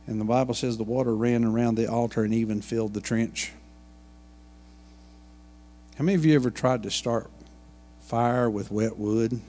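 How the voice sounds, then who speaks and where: A man's voice: medium pitch, moderate pace, long pauses, a little mellow, in a large hall. A man preaching a sermon and retelling a Bible story in a folksy way, full of asides and homey jokes. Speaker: pastor. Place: church sanctuary.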